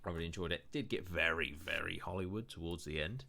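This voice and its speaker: A man's voice: low voice, quick pace, creaky, pushed and bright. A man hosting a podcast in casual, rambling chat, full of swearing and fillers. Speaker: podcast host.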